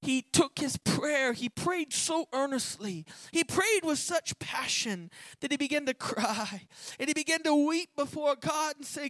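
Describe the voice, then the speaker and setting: A preacher delivering an impassioned sermon, building to shouts, then reading scripture lower and quieter. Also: expressive, moderate pace, dry recording. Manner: impassioned, rising to shouts on key points.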